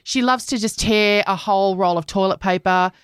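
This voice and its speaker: A middle-aged woman co-hosting a casual podcast chat, telling camp, animated stories and acting out her family's voices. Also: mid-range voice, normal speed, clear, resonant tone, dry recording, studio quality. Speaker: podcast co-host.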